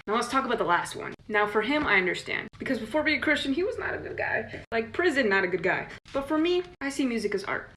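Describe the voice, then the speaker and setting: A woman's voice: medium pitch, a bit bright. A young woman telling a casual storytime to camera, chatty and wry with playful asides. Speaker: TikTok creator.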